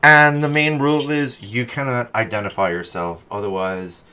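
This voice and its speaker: A man hosting a comedy podcast, brash and profane, mocking his guests loudly one moment and muttering the next. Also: medium pitch, moderate pace, clean tone. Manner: animated, swings between loud and quiet. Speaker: podcast host. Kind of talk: crude comedic podcast banter.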